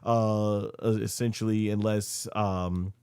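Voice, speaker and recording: Male host, casual rambling recap with self-corrections; slightly low voice, dry recording. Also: little pitch movement, takes it slowly, a little mellow, clear, resonant tone, no room sound. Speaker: wrestling review channel host. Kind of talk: casual spoken event recap.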